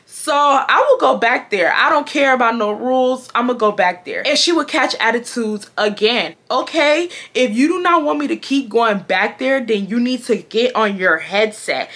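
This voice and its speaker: Bright-voiced young woman telling a storytime. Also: a little high. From Houston, Texas. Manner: chatty, sassy, mimics the people in her story. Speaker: vlogger. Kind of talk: casual storytime.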